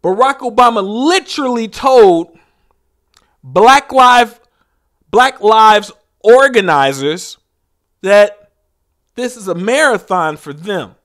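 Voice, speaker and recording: A man's voice: high voice, lively intonation, slow, long pauses, fairly bright tone. A man delivering an impassioned, preaching monologue as a show host, repeating lines for emphasis.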